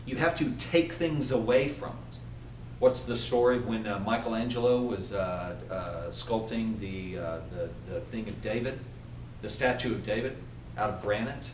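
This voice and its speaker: A man giving a motivational training talk to a group, animated and often asking his listeners questions. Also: lowish voice, normal speed, a little hiss or hum. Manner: animated, asks the audience questions. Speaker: workplace trainer. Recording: echoey room from far off.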